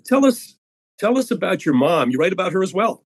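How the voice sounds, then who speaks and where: Brief: male interviewer, measured questions, dry close sound. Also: high voice, very animated, slightly rough, dry recording. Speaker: interviewer, CEO host.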